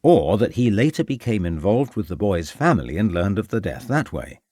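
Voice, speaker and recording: A shrewd Victorian inspector , read by a man, who asks his questions formally and with measured care. His low voice moves through a lively pitch range. It is a crime audiobook read in a dry room. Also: no echo.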